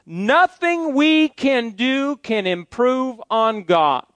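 Male pastor, middle-aged, folksy preacher, high-pitched voice, dry close mic. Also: animated, very slow, fairly bright tone, dry recording. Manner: folksy, joking asides to the congregation. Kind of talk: sermon.

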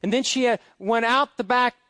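A man's voice: very high voice, normal speed, dry recording. Folksy male preacher telling stories. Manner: folksy, anecdotal, swings between loud asides and quiet musing. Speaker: pastor. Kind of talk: storytelling sermon. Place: church sanctuary.

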